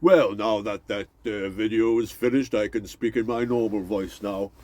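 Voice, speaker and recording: A man playing himself as if his local accent were fake, speaking in a deadpan manner. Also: on the low side, normal speed, a little hiss or hum, pitched below the performer's own voice, natural voice. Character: man joking he drops his put-on accent.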